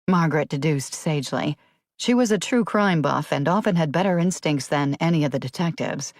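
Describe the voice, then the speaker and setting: A woman narrating a crime thriller audiobook in a steady, measured read. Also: deep voice, no room sound, studio quality.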